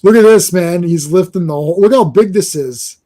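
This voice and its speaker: A man hosting a casual comic book chat, excitable, with frequent restarts and laughter. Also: sits high, normal speed. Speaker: comic book podcast host.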